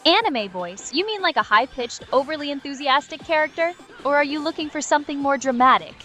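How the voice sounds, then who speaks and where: A woman's voice: high voice, animated, a little fast, a bit bright, soft background music. A synthetic woman's voice chatting as an AI companion, sarcastic, witty and mock-exasperated. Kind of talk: sarcastic chatbot banter.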